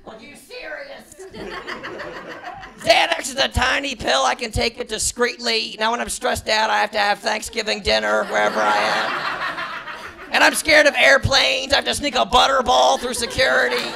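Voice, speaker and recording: A man doing a stand-up comedy set, shouting his punchlines and jumping into squealing character voices. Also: very high-pitched, expressive, measured pace, creaky. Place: comedy club stage before a laughing crowd. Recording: live club recording with crowd noise. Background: audience laughter.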